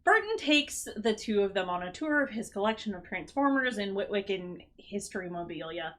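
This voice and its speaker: A woman's voice: big pitch swings, normal speed. A woman co-hosting a podcast, recapping a movie in casual chat and often breaking into laughter. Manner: giggly, exclaims with big pitch jumps. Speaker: podcast co-host.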